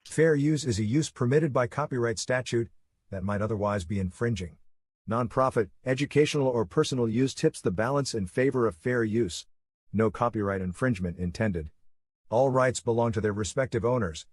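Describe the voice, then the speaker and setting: Husky man reading a disclaimer. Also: mid-range voice, moderate pace, no echo. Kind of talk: read legal disclaimer.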